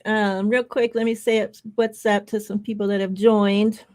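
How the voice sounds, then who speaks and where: A woman's voice: mid-range voice, flat delivery, normal speed, a little mellow. A woman with a mid-range voice co-hosting a casual sports podcast over an online call. She is friendly, greets viewers in the chat by name, and talks through the topics in an easygoing way. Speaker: podcast co-host.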